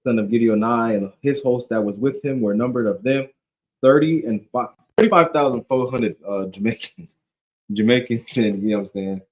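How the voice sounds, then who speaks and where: Through a muffled recording comes a man with a mid-range, somewhat dark voice at moderate speed, teaching scripture as a Bible study teacher. His style is slangy, joking and conversational, punctuated by "you know what I'm saying."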